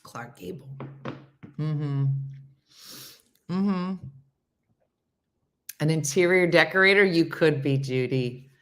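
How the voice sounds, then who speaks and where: A woman hosting a casual live chat and reading viewer comments, playful and animated, slipping into silly high voices and hushed whispers. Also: slow, long pauses. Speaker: host.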